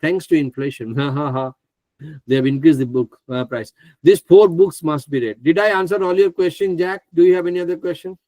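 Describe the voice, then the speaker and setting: A man presenting a live online trading class, chatty and excitable, who laughs often and stumbles over names. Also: a little high, normal speed, no room sound. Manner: stumbles over names, asks others to pronounce them.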